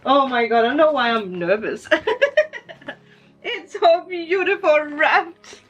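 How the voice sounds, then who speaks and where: A woman's voice: sits high, expressive, takes it slowly, fairly bright tone, dull audio, faint music behind. A woman vlogger chatting casually through an unboxing, emotional and laughing often.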